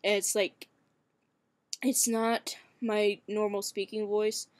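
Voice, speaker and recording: A man's voice: high voice, little pitch movement, slow pace, no echo. A young man in a casual webcam vlog, talking hesitantly with lots of fillers and swearing, his voice cracking and turning shaky.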